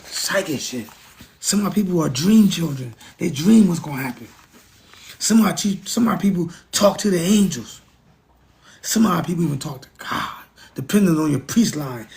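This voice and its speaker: A man's voice: high-pitched, very animated, a little fast, gravelly. A middle-aged man from the United States, ranting in a casual monologue, emphatic, preachy and repetitive, with frequent profanity. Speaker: vlogger.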